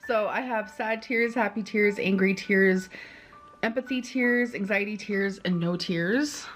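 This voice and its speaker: A woman's voice: mid-range voice, measured pace, fairly bright tone, faint music behind. A woman in a casual vlog, talking in a chatty, candid way.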